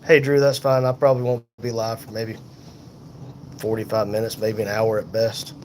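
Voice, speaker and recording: A man in pain and tired, hosting a casual livestream from a hospital room on a phone, reading viewer comments aloud in an unhurried, folksy way. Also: on the low side, flat delivery, darkish tone, a little hiss or hum. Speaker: livestream host reading chat. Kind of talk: casual live chat.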